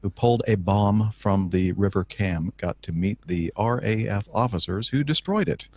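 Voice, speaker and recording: A man's voice: on the low side, moderate pace, darkish tone. A man co-hosting a podcast, reading news stories aloud with dry joking asides. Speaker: podcast co-host.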